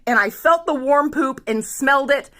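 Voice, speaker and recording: A woman telling an embarrassing story in a frantic, shouting manner, near tears. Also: sits high, moderate pace, slight background noise. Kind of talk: storytime monologue.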